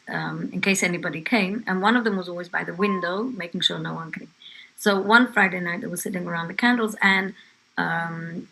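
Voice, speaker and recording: Older woman from england telling family stories, low-ish gravelly voice, lots of ums. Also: pushed and bright, poor audio. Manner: conversational, with fillers and asides. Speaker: interviewee, grandmother. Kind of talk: family history storytelling.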